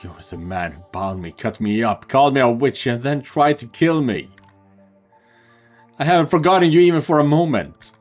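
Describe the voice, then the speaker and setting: A man reading the lines of a tortured young woman from a game, shouting with rising fury. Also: low voice, flat delivery, normal speed, few pauses, soft background music. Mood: hateful vow. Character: tortured young woman saint, enraged and vengeful.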